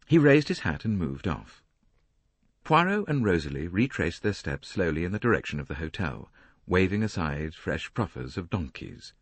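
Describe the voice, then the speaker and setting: A man narrating an audiobook in a measured, expressive reading on a close studio mic. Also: low voice, slightly rough, dry recording. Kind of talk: scripted narration.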